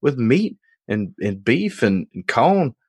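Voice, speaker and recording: A man imitating a friendly, outspoken Deep South man with a folksy, emphatic drawl. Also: very animated, slow, a little mellow, husky, no room sound, full character voice.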